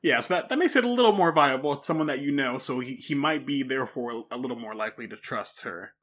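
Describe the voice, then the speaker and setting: A man co-hosting a casual anime discussion podcast in a relaxed, easygoing way, laughing often. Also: mid-range voice, fast. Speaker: podcast co-host.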